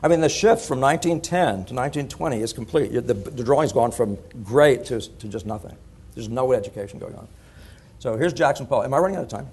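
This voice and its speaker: A middle-aged man giving a conference talk in an animated, digressive way, laughing at his own points. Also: medium pitch, quick pace, husky. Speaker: conference speaker. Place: conference hall.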